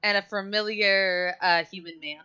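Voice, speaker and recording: A woman's voice: mid-range voice, fairly even intonation, moderate pace, pushed and bright, smooth. A woman narrating a tabletop game as game master, describing scenes with laughing asides. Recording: dull lo-fi mic.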